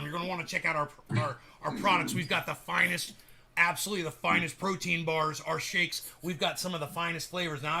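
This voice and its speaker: A man doing an impression of a blustering male conspiracy talk-show host who booms through supplement sales pitches. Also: creaky, pushed and bright, full character voice. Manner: booming sales-pitch bravado.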